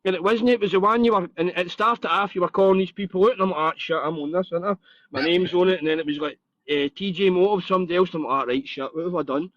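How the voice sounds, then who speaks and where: A man hosting a casual live podcast chat, blunt and sweary but warm and open. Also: sits high, fast talker, dry recording, dull audio. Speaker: host.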